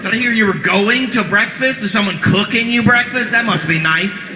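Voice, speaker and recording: A man's voice: high-pitched, moderate pace, noisy background, voice pushed up, natural voice. A man voicing a frazzled, envious young mother of three who mocks with incredulous exaggeration. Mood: sarcastic. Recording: echoey hall with loud ambience.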